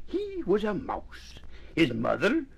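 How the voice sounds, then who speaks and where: Slow, husky man reading a storybook. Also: high-pitched, wildly swooping pitch, poor audio.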